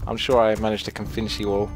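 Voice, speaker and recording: Chatty Essex man commentating a game. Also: fast. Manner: chatty, self-mocking, jumps in pitch when excited. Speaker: gameplay commentator. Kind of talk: casual live game commentary.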